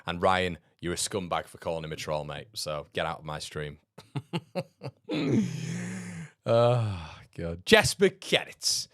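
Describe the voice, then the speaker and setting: Man, casual livestream host, blunt, sarcastic, laughs a lot, deep voice. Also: lively intonation, moderate pace, few pauses, fairly bright tone, no echo, studio quality. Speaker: football fan channel host. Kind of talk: casual livestream chat reading comments.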